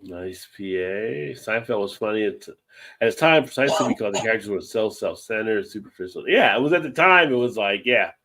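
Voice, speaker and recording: A man's voice: fairly low pitch, lively intonation, a little fast, bright, forceful tone. A man hosting a casual livestream chat over beers, rambling and laid-back, swearing now and then. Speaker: livestream host.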